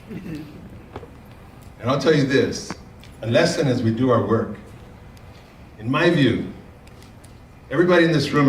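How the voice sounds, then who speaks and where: A man speaking at a conference, telling a story and using fillers and repeated words in a relaxed way. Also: medium pitch, slow pace, long pauses, slight background noise. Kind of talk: keynote talk with storytelling. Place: large conference room. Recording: echoey room, speaker far from mic.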